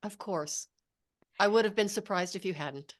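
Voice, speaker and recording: A woman's voice: medium pitch, normal speed. A woman hosting a podcast interview, attentive, giving short reactions and asking follow-up questions. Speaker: podcast host.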